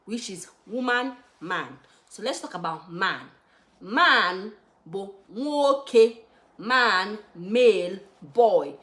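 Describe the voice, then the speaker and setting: Slow, drilling Nigerian woman teacher. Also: mid-range voice, lively intonation, fairly bright tone. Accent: Nigerian English, Igbo. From Anambra, Nigeria. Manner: slow, repeats words for learners with emphatic drilling. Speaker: Igbo language teacher. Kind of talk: beginner language lesson.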